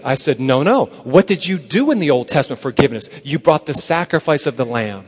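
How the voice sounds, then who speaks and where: A man's voice: medium pitch, lively intonation, fairly quick, hardly any pauses, breathy edge. A man preaching to a youth crowd, telling stories with quoted dialogue and checking in with "okay?" again and again. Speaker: evangelist speaker. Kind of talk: evangelistic sermon to a youth crowd. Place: large hall at a youth conference. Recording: long hall reverb.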